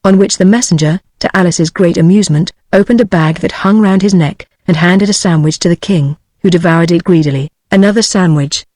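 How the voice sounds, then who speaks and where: A text-to-speech voice narrating a storybook audiobook, with a flat synthetic delivery. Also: mid-range voice, a little fast, hardly any pauses, no echo.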